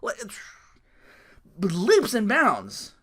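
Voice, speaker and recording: A man's voice: high voice, huge pitch swings, very slow, bright, forceful tone, breathy edge. A young man hosting a casual solo podcast, rambling, swearing freely and often breaking into laughter. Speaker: podcast host.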